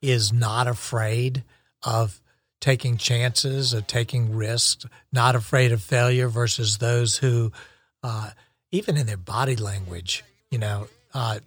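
A man's voice: mid-range voice, fairly even intonation, slow pace. A man co-hosting a podcast in casual chat, reflective and encouraging, often restarting his phrases. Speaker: podcast co-host.

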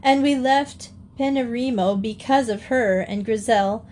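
A woman reading the part of a young woman teacher who has just fainted, speaking calmly and gently firm in a storybook. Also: a little high, unhurried, slight background noise, close to an everyday voice. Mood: shaky. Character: young woman teacher, shaken but composed.

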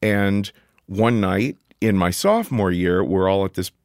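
A middle-aged man telling a personal story in casual conversation as a podcast guest, animated and jumping up in pitch when he quotes himself. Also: unhurried, clean tone, no echo, studio quality.

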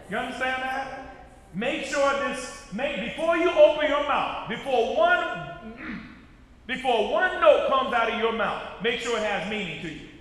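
High-voiced preacher in an echoing hall. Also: male voice. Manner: call-and-response, repeating lines for the crowd; emphatic, rising to shouts. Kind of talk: sermon. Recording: echoey hall, mic far off, audience.

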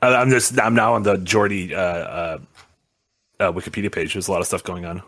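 A man's voice: sits low, fairly even intonation, brisk, fairly bright tone, breathy edge, dry recording, clean studio sound. A man co-hosting a casual stream, talking in a loose, rambling way full of fillers. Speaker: co-host.

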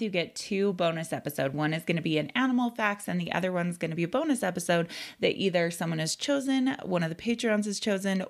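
A woman hosting a podcast for children, talking casually in a gushing, chatty way with quick asides. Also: mid-range voice, creaky. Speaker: podcast host. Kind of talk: casual chat to young listeners.

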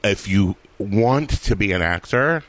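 A man's voice: fairly low pitch, measured pace. A man, an actor and comedian, chatting casually and acting out the voices in his stories. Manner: animated storyteller, acts out quoted voices. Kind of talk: casual conversation.

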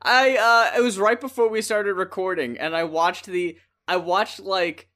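A man with a high-pitched, steady, sharp voice co-hosts a podcast in casual chat. He rambles and swears freely, retelling scenes and acting them out in quick voices.

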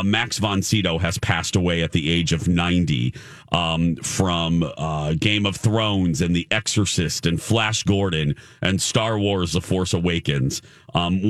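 A man's voice: low voice, dry recording, clean studio sound. A man hosting a morning radio show, chatting casually, laughing easily and reading breaking news with plenty of fillers. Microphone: studio microphone.

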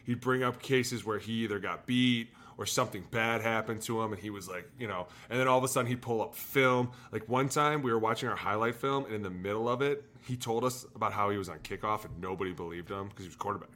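Man, ex-NFL lineman, podcast co-host; energetic storyteller, bright tone. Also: lowish voice, quick pace, few pauses. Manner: animated storyteller, shouts out quoted lines. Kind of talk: casual storytelling chat.

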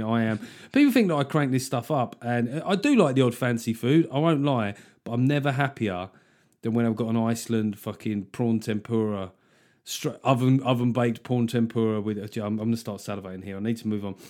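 Man, podcast host, casual comedic chat, swears a lot, jokey and animated. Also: mid-range voice, fairly quick.

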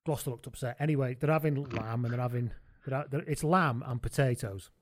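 A man co-hosting a rugby podcast, telling stories in a casual, animated, laughing way and swearing freely. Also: mid-range voice, fast, no room sound, studio quality. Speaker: podcast co-host. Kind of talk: casual chat, comic storytelling.

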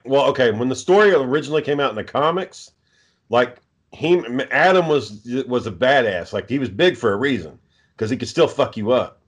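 Guy just shooting the breeze with friends, swears a lot, lots of ums, voice bounces around. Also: mid-range voice. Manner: rambling, profane, many fillers. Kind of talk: casual chat.

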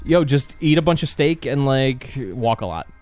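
A man's voice: mid-range voice, lively intonation, normal speed, a little mellow, faint music behind. A young man co-hosting a casual podcast, talking in a blunt, profane, laid-back way. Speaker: podcast co-host. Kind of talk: casual chat.

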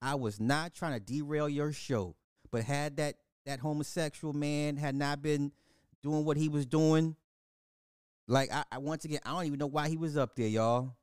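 A man hosting a livestream in casual commentary, talking in an animated, emphatic way and laughing often. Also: fairly high pitch, moderate pace, clear, resonant tone, no room sound, studio quality. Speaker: livestream host.

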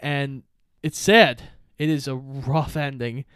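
A man's voice: medium pitch, fairly even intonation, slow pace, a bit bright, clean tone, dry recording, clean studio sound. Young man retelling a movie plot. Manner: plot-summarizing storyteller, acts out quotes. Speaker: podcast co-host. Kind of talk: casual movie recap chat.

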